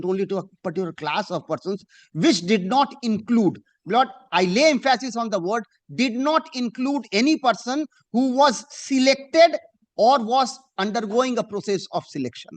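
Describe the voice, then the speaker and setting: A man, arguing a case before a judge in a courtroom, deferential and emphatic, slowing down to read judgments aloud. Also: high voice. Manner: deferential, addressing the bench as "my lord" again and again; slow and emphatic when reading out judgments. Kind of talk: formal courtroom argument.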